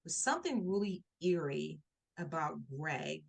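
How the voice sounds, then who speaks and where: A woman's voice: a little slow, gravelly, husky. A woman guest on an interview show, telling a personal story in conversation and acting out the people in it with her voice. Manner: animated, acts out quoted voices with rising pitch.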